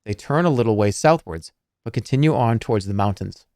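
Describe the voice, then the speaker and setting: A male streamer who narrates the game's prose with a very animated pitch and breaks off playfully to comment. The sound is close and dry. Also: a little fast, dry recording. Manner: lively, playful and expressive. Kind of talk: reading game text aloud and commenting.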